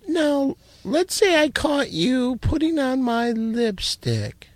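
A woman's voice: high voice, very animated, takes it slowly, dry recording, heavily acted. A woman voicing a brash, crude bachelorette asking contestants questions. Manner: blunt, crude.

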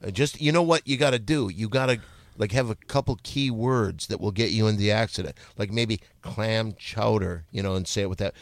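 A male host with a gravelly, creaky voice who fires off prompts one after another in a loose, joking chat. The sound is dry and close, with no room echo. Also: on the low side. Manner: reads out prompts in a rapid-fire list. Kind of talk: casual comedic talk show.

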